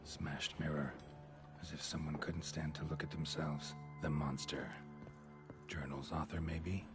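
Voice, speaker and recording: An actor playing a gruff, dry-witted middle-aged monster hunter who mutters in terse, clipped lines. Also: male voice, very deep voice, level tone, unhurried. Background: game music.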